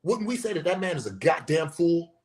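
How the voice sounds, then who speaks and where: A man's voice: on the high side, big pitch swings, fairly quick. A man hosting a podcast, delivering a profane, emphatic monologue and talking with his hands. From United States. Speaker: podcast host. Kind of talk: casual monologue rant.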